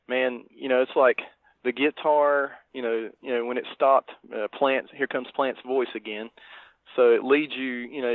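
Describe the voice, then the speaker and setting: A man's voice: medium pitch, no echo. A man cohosting a podcast in casual chat, speaking in a meandering, hesitant way. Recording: dry, tinny phone-like line.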